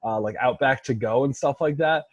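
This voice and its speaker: A young man co-hosts a podcast in loose, casual chat and rambles through fillers and "like"s. His voice is husky and mid-pitched. It sits close and dry on the mic. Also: moderate pace, dry recording, highs cut off. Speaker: podcast co-host.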